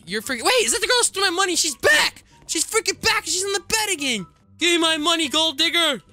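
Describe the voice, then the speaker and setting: A woman doing a shrill, outraged robbed girl. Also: sing-song, fast talker, bright, forceful tone, soft background music, full character voice. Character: indignant young woman robbed of money. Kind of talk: Roblox role-play voice acting.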